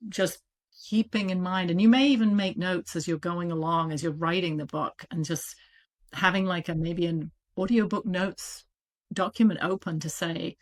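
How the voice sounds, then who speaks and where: A woman with a British accent, an audiobook publisher talking casually and animatedly as an interview guest. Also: fairly low pitch. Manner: animated, chatty, quick asides with laughs.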